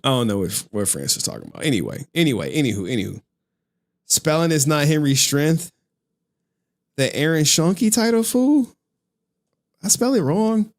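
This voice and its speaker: A man live streaming and chatting loosely with his viewers, his pitch swinging high and low as he talks. He swears freely and grumbles about his chat, in a casual, rambling way. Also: sing-song, normal speed, creaky, long pauses.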